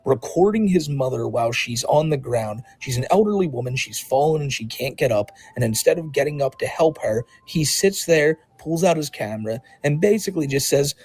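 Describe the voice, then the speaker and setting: A man's voice: mid-range voice, animated, brisk, hardly any pauses, a little mellow, breathy edge, no echo, poor audio. A man co-hosting a podcast, giving blunt, rambling, sarcastic commentary in casual talk. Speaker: podcast co-host.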